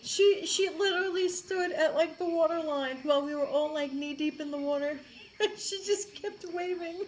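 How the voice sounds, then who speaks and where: Chatty high-voiced woman telling stories. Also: normal speed, a little hiss or hum, low-quality recording. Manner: chatty storyteller, many "like" fillers. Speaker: vlog co-host. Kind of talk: casual chat.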